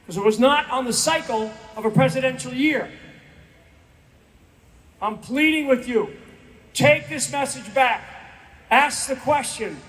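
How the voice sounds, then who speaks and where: A man's voice: very high-pitched, unhurried, pauses often, a bit bright. A man in his sixties giving an emphatic, repetitive rally speech from a stage, pleading with the crowd. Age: 60s. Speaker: guest speaker. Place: event stage.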